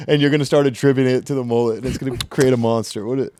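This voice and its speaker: A man's voice: mid-range voice, fairly even intonation, very fast, dark tone, no room sound. A young man from Kansas, a guest on a podcast, chatting casually and joking with a lot of laughter. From Kansas, USA. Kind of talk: casual chat. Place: podcast studio.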